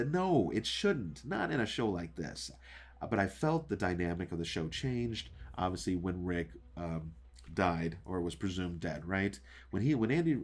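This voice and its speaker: A man with a deep, low voice rants casually to his viewers about a show. He rambles, stumbles over restarts and fills gaps with "uh" and "um". He keeps throwing questions straight at the audience. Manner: rambling, with many fillers and restarts; talks to viewers directly, asking questions. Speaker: show reviewer and channel host. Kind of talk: casual ranting episode review.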